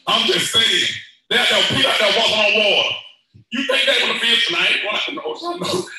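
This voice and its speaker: A man preaching at a church teaching session, playful and joking, then rising to shouted exhortation. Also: high-pitched, lively intonation, quick pace, heavy reverb, low-quality recording.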